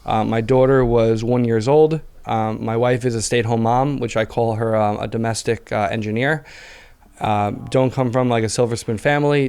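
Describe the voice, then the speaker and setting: A man in his thirties chats as a podcast guest with a smooth, resonant voice at an ordinary middle pitch. He tells his story in a lively, casual way, leaning on plenty of filler words as he goes. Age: 30s. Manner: animated storyteller, heavy fillers. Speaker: podcast guest, business owner. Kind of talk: casual interview chat.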